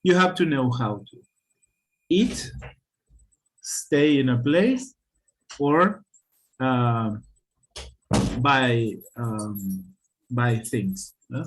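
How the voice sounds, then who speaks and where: Male English teacher, slow and patient delivery, keeps checking in with students. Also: mid-range voice, a little hiss or hum. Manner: patient, checks in with "hmm?" often. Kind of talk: online class teaching.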